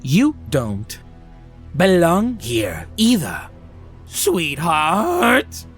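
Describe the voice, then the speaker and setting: A man's voice: sits high, wildly swooping pitch, very slow, creaky, a bit bright, soft background music, pitched above the performer's own voice, full character voice. A man voicing a sinister, hungry female hag who mocks and cackles in a sing-song way. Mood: taunting. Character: sinister hungry female hags, mocking and gleeful.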